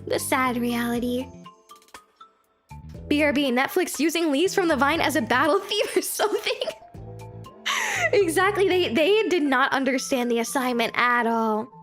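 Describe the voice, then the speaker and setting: A young woman streaming as a VTuber, chatting casually with her chat, bubbly and giggly, her voice jumping up when she gets excited. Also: faint music behind. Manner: bubbly, giggly, animated, quick pitch jumps when excited.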